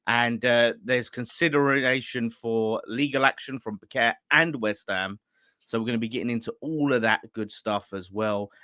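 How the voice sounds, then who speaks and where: A man hosting a casual football fan show over a pint, talking in a lively way and laughing often. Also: mid-range voice, moderate pace, dry recording, clean studio sound. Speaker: fan channel host. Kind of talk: casual pub-style football chat.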